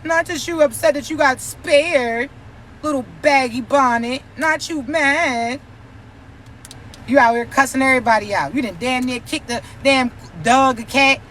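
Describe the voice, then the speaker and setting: A woman's voice: high voice, unhurried, a bit bright, slight background noise. A woman giving a spiritual reading, delivered as a brash, profane, teasing scolding. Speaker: spiritual reader. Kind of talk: spiritual warning rant.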